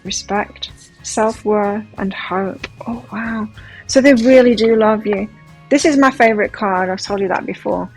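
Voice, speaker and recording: A woman's voice: mid-range voice, unhurried, poor audio. A woman giving a pick-a-card tarot reading in a gushing, emotive, chatty way. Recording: faint music behind. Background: soft background music.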